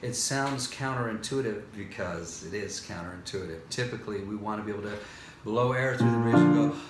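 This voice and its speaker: A man's voice: fairly low pitch, brisk, roomy sound, over loud music. A vocal coach, a man with a tired voice, teaching singing and breaking into sung scales and held vowels. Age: older. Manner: explains then demonstrates scales and sustained sung vowels. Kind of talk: singing lesson with vocal demonstrations.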